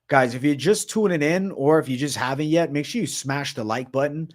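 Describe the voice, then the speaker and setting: A man's voice: fairly high pitch, a little fast. A young man hosting a casual MMA livestream Q&A, talking in a profane, slangy way and calling viewers bro.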